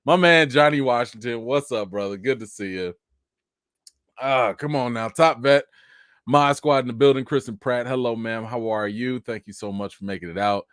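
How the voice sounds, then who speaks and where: A man hosting a casual live-stream chat, telling an animated story with acted-out reactions and greeting viewers by name. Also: mid-range voice, moderate pace, clean tone, no room sound, clean studio sound.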